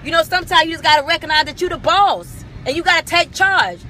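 Emphatic high-voiced woman ranting in a car. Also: expressive, quick pace, bright, forceful tone, a little hiss or hum. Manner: emphatic, repetitive, preachy. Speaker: vlogger. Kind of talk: motivational rant in a car.

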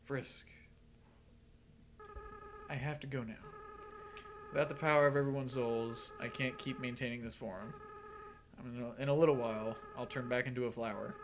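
A man reading aloud as a remorseful, tearful young goat-monster boy, in a soft, earnest and halting way. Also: medium pitch, fairly even intonation, background noise, natural voice. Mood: sad.

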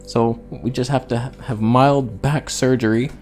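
A man's voice: mid-range voice, fairly even intonation, measured pace, darkish tone, faint music behind. A man vlogging in a casual, rambling, self-mocking way while in back pain. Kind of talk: casual vlog monologue.

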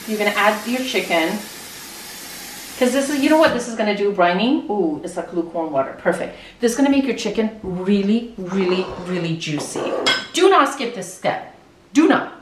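A woman's voice: medium pitch, lively intonation, fairly quick, noisy background. A middle-aged woman, a dentist, talking straight to her viewers in a playful, chatty way while she cooks at home. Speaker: dentist and cooking vlogger. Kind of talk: casual cook-along vlog. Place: home kitchen. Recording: roomy, from a distance.

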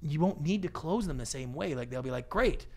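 A middle-aged man speaks as a guest on an interview podcast, with a gravelly, creaky edge on his voice. He talks casually and animatedly and slips into the voices of the people he quotes. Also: fairly high pitch, animated, brisk, warm tone. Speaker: guest, pitch expert.

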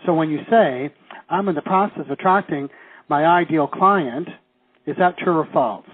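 Seminar teacher, man from Canada, middle-aged; lively and quizzing, husky tone, phone-thin sound. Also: a little high, normal speed, no room sound. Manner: lively, asks the class questions, acts out quoted reactions. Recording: tinny phone-like audio.

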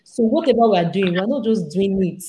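A woman's voice: mid-range voice, expressive, quick pace, very noisy. A woman who is a guest on a faith-based motivational talk over a video call, speaking in an earnest, exhorting way.

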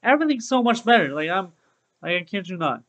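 A young man with a high-pitched, somewhat bright voice talks fast with big pitch swings while streaming a game, and the audio is poor. He keeps his live chat entertained with upbeat, casual Let's Play talk, repeating phrases like "bro."

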